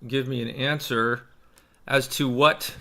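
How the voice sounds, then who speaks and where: A man's voice: medium pitch, steady tone, slow pace, sharp tone. A man who is a stage actor, chatting in a casual vlog in a rambling, self-mocking way into a desk microphone.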